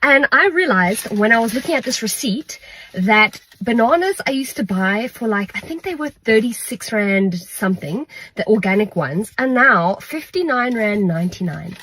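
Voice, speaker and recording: A woman's voice: on the high side, a bit bright, slight background noise, poor audio. A woman vlogging in a casual, chatty way, incredulous about her grocery bill and using many fillers. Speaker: shopper reviewing grocery prices. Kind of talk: casual vlog talk.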